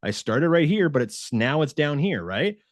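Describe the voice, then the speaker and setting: His voice on the high side and his pace normal, a fitness coach talks to camera in a casual, animated way, acting out the quotes for his viewers. The studio-quality audio has no echo.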